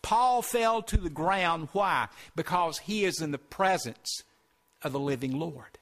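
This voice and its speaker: A man's voice: fairly high pitch, lively intonation, measured pace, a bit bright. A male pastor delivering a Sunday sermon, earnest and emphatic, asking his congregation rhetorical questions.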